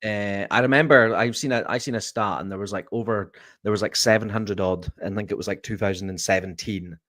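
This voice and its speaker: A man's voice: on the low side, steady tone, brisk, fairly bright tone, dry recording, studio quality. A man co-hosting a podcast, laid-back and hesitant, full of fillers. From Britain. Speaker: podcast co-host. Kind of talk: casual live-stream chat.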